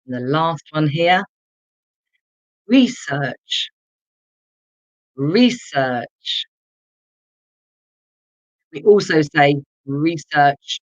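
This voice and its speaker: A very slow, deliberate English teacher leads a live online lesson. Key words are said twice for learners to repeat, and viewers in the chat are called on by name. The sound is dry and a little dull, like a lo-fi stream. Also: medium pitch, dry recording. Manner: addresses viewers in the chat directly.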